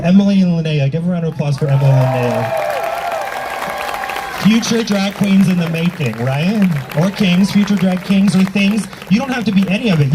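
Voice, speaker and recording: A man's voice: on the high side, noisy background. A man hosting as a drag emcee at an outdoor rally, bantering with the audience in a brash, teasing and profane way. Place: outdoor public square at a rally. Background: faint crowd.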